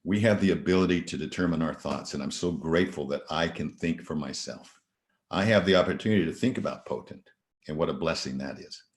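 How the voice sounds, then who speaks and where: The voice rumbles low and moves fairly quickly through a roomy space. He's a motivational speaker presenting at a virtual event, earnestly urging gratitude through anecdotes and questions he asks the audience.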